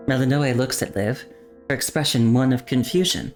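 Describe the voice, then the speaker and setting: A woman streamer narrating a game story aloud with slow, deliberate pacing and wry asides. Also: extremely low pitch, darkish tone, faint music behind. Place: home streaming setup.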